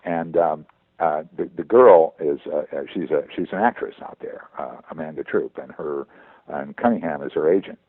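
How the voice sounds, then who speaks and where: A veteran voice actor talking in a phone interview, halting and repeating words as he goes. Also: rumbling low, slightly rough, no room sound. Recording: tinny phone line.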